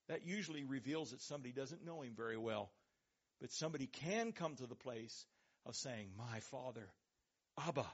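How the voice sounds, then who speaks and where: A man preaching a sermon, pressing hard on key words and slowing down to let them land, then dropping his voice low. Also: expressive, breathy edge, muffled recording. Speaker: pastor.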